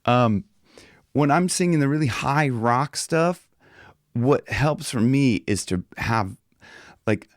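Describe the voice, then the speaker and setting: A man teaching singing in a loose, chatty way, slipping into high demonstration voices. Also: lively intonation, slow pace, long pauses, no room sound, clean studio sound. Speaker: vocal coach. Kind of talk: casual singing lesson.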